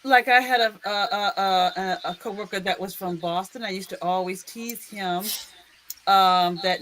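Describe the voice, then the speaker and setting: A woman's voice: medium pitch, moderate pace, a bit bright, slight background noise. A woman chatting casually on a stream panel, teasing and laughing often. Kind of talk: casual podcast chat.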